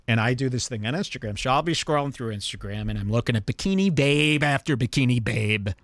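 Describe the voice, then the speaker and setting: A man's voice: fairly bright tone, dry recording. A man hosting a podcast, ranting crudely and mockingly in a comedic style. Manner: mocking, exaggerated, swings pitch wildly. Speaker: podcast host.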